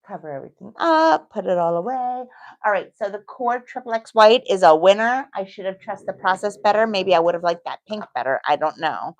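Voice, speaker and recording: A woman's voice: medium pitch, expressive, a little fast. Chatty New York woman teaching nails. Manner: chatty, reassuring, thinks aloud while working. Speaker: nail technician. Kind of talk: casual tutorial talk.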